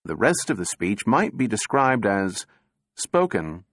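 A man narrating an audiobook in a steady, measured reading voice. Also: lowish voice, dry recording, clean studio sound.

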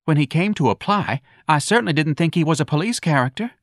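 Man putting on a fussy office manager, nervous, plaintive, high-pitched, animated. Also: no room sound, studio quality. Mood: sad, fretful. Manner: plaintive, fretful, high and drawn-out.

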